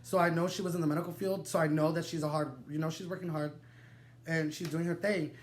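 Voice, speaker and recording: A young man telling a wild personal story to the camera, animated and dramatic, swearing freely and laughing through his digressions. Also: fairly high pitch, quick pace. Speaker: vlogger. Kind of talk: storytime vlog, casual and profane.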